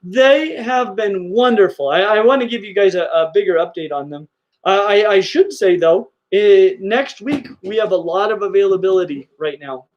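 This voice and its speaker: A man's voice: high-pitched, moderate pace, muffled recording. Enthusiastic man hosting a reptile livestream. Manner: enthusiastic, gushing. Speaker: reptile channel host. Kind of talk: casual livestream chat.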